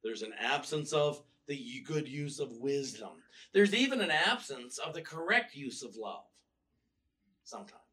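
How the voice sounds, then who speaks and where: A male minister gives a casual, storytelling sermon in a church, with wry humor and frequent sentence restarts. Heard from a distance, his mid-range voice is animated, a little slow, and pushed and bright.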